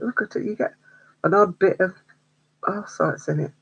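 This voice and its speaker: A woman's voice: lowish voice, normal speed, breathy edge, muffled recording. A woman hosting a craft livestream, chatting casually with viewers, answering their comments and laughing often. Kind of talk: casual chat with live viewers.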